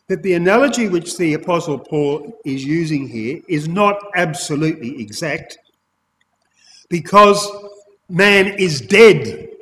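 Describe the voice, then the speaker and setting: A man preaching an expository sermon, emphatic, repeating key phrases and addressing his listeners as ladies and gentlemen. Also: a little high. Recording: long hall reverb.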